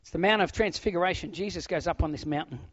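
A middle-aged pastor with a slightly high voice preaches with lively swings between loud bursts and hushed near-whispers. The sound is dry and close with no room around it, and a bit dull and lo-fi. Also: male voice, quick pace, husky, no room sound. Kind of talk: sermon.

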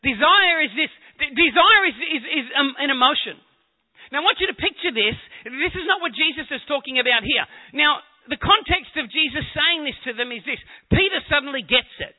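A man's voice: very high-pitched, animated, brisk. A man preaching a sermon to a congregation, talking conversationally and joking with the people in the room. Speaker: pastor. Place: church hall with congregation. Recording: echoey hall on a tinny phone-like line.

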